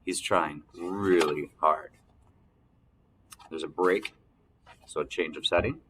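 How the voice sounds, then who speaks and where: A man narrating an audiobook in the first person, telling the story calmly and evenly. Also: low voice, moderate pace, a little hiss or hum.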